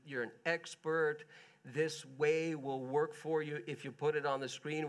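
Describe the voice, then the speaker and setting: High-voiced chatty male preacher. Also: fairly bright tone. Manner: conversational, chatty with the congregation, asks them questions. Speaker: pastor. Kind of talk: sermon.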